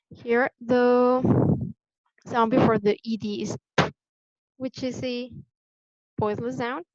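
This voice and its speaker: A woman teaching English pronunciation in a patient, deliberate way, repeating the key points for her students. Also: a little high, darkish tone, dry recording. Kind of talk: classroom lesson explanation. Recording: dull lo-fi sound, dry.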